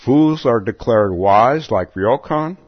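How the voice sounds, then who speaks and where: A man giving a relaxed dharma talk as a Zen teacher, chuckling often and repeating words as he goes. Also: mid-range voice, takes it slowly, no echo. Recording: dull lo-fi dry recording.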